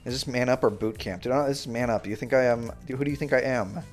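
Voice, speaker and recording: A young man livestreaming a game, bantering loudly and sarcastically with his chat in mock outrage. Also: mid-range voice, fast, faint music behind. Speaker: streamer. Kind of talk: live gaming stream chatter.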